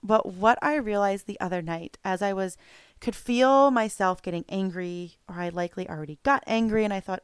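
Solo podcast host, woman, 30s; candid and reflective, crisp tone, dry close sound. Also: mid-range voice, a little fast, dry recording. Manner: candid, reflective, self-correcting. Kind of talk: casual solo podcast talk.

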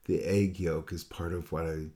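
A man's voice: sits low, little pitch movement, normal speed, mellow. A man talking casually as a painting teacher on a call with a student, rambling and repeating himself as he acts out what students say. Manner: rambling, repeats words, quotes students in other voices. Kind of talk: casual one-on-one critique talk.

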